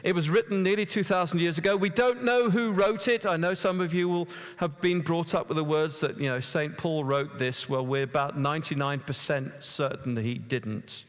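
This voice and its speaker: Storytelling preacher in a reverberant church. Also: male voice, fairly high pitch, fairly even intonation, moderate pace, few pauses. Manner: storytelling, asks the congregation questions; stumbles and repeats words. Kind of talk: conversational sermon.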